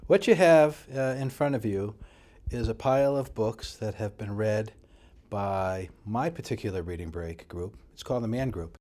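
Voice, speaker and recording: A man working as a high school principal, answering interview questions in an emphatic, animated way. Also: moderate pace.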